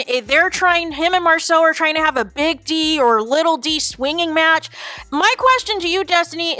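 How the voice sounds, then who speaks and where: A woman's voice: sits high, sharp tone, dry recording. A woman hosting a reality-TV reaction channel, chatting casually to viewers and calling them "you guys". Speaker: YouTube reaction host.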